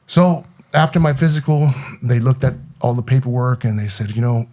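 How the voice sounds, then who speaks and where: A man speaking as an interview guest, halting with frequent restarts. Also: mid-range voice, darkish tone. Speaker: guest, former police officer. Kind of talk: casual interview talk.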